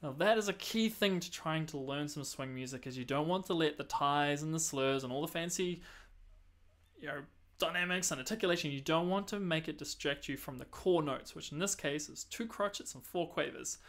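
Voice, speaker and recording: A man's voice: a little high, fairly quick, a bit bright, a little hiss or hum. A man giving a music lesson as a saxophone teacher, explaining patiently and counting and singing rhythms aloud.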